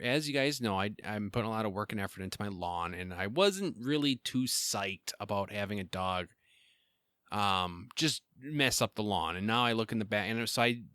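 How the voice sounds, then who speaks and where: Chatty podcast host man, bright crisp voice. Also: mid-range voice, dry recording, studio quality. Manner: rambling, chatty, self-deprecating with frequent fillers. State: breathing heavily. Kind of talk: casual solo podcast chat.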